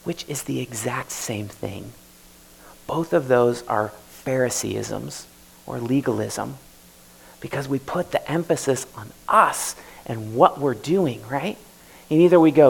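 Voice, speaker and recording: Gravelly-voiced male pastor preaching. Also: medium pitch, unhurried, poor audio. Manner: conversational preaching, often acting out prayers in first person. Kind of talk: sermon. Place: church service.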